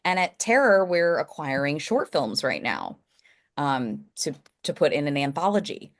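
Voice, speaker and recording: A woman guest on a podcast, chatting casually in an effusive, animated way and laughing often. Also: deep voice, a little slow. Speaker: guest, film company marketing executive.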